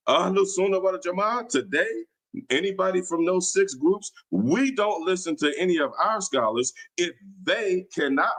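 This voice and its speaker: A man's voice: fairly high pitch, fairly bright tone, husky, low-quality recording. Taunting man on a livestream. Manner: combative, taunting, slangy. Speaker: livestream host. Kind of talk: casual livestream talk. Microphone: streaming mic.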